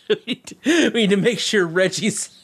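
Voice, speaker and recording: A man's voice: sits high, unhurried, fairly bright tone. A man co-hosting a podcast, reacting with incredulous swearing and laughter. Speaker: podcast co-host. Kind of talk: casual chat.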